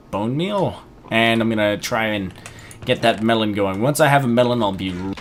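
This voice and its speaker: A young man casually commenting on his gameplay, chatty and rambling, with sudden excited outbursts. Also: mid-range voice, slight background noise. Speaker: gaming video host.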